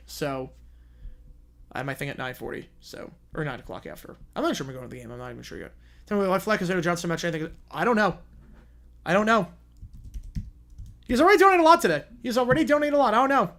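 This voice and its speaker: A man's voice: a little high, animated, fast talker, vocal fry, long pauses, fairly bright tone. A man hosting a live stream, chatting casually and rambling, often repeating himself. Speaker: streamer host.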